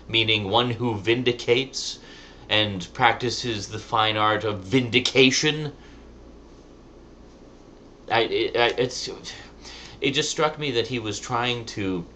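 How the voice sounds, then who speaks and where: Deep-voiced man hosting a review vlog. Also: bright, forceful tone, a little hiss or hum. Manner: wry, chatty, rambling asides. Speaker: video reviewer, show host. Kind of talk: casual review chat.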